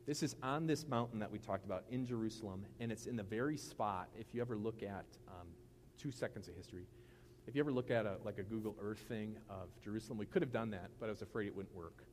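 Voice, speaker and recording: A man's voice: fairly low pitch, fast talker, darkish tone, a little hiss or hum. A middle-aged man preaching a casual sermon as pastor, with conversational jokes and asides.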